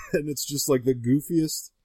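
A man's voice: mid-range voice, steady tone, measured pace, darkish tone, husky, dry recording. A man guesting on a podcast, chatting casually and rambling with lots of fillers and restarts. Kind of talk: casual chat.

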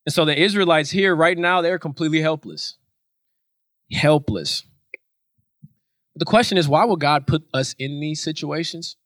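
An earnest man preaching a sermon, with a voice pitched a bit high for a man. He drives his points home by repeating them. The recording is close and dry. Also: moderate pace, pauses often, a bit bright, no room sound. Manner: earnest, emphatic repetition.

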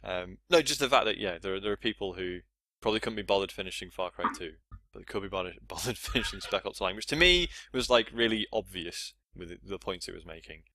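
A man's voice: deep voice, expressive, fast talker, sharp tone. A young English man co-hosting a podcast, talking casually and rambling, with lots of fillers and frequent laughs. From England. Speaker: podcast co-host. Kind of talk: casual chat.

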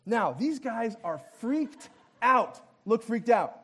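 A man with a strikingly high voice delivers a lively, interactive sermon. He jokes as he goes and cues the audience to act out the story with him. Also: takes it slowly, breathy edge. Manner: playful, directs the audience to act out the scene; jokey asides with light laughs. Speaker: pastor.

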